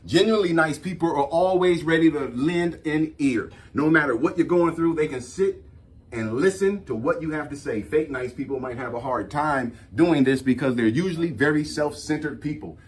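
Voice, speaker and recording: Host, male, young adult, a bit higher pitched, animated and slangy, talks right to the audience. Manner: animated storytelling, slangy, addresses audience as y'all. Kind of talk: casual talk reading and riffing on a list.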